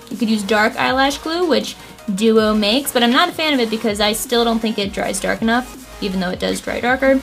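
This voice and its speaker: A woman hosting a makeup tutorial, chatting casually and explaining each step with self-deprecating asides. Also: medium pitch. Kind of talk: casual how-to talk.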